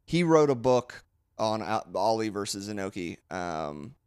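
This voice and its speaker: A man's voice: fairly low pitch, big pitch swings, a little slow, a little mellow, clean tone, no echo, studio quality. A man co-hosting a casual podcast, explaining history in a rambling way with many fillers and restarts. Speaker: podcast co-host. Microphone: close podcast mic.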